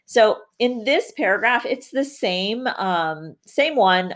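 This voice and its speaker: A woman teacher giving a recorded video lesson, encouraging her students through the camera and slowing down to read example passages aloud. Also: on the low side. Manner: slows down to read quoted text aloud with emphasis.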